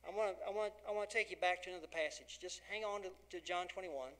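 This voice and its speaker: A man's voice: high-pitched, fast, fairly bright tone, a little hiss or hum. A man preaching a folksy, dramatic sermon as pastor, acting out the dialogue of the scripture.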